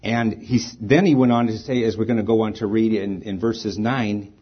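A man's voice: fairly low pitch, fairly even intonation, moderate pace, husky, lo-fi sound. A man preaching a sermon as pastor, reading scripture aloud with rising emphasis and then speaking plainly to the congregation.

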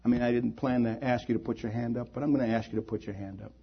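A man's voice: medium pitch, fairly even intonation, fast, creaky, husky, highs cut off. A male preacher at a church service, giving an altar call and closing prayer in a pleading, inviting way. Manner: pleading, invites hands raised.

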